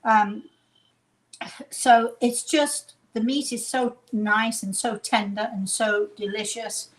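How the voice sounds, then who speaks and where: A woman's voice: fairly high pitch, fairly even intonation, slow pace, rough recording. A woman with an English accent hosting a casual home cooking demonstration in her kitchen, chatting in a rambling way and making self-deprecating asides. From England. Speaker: cooking show host.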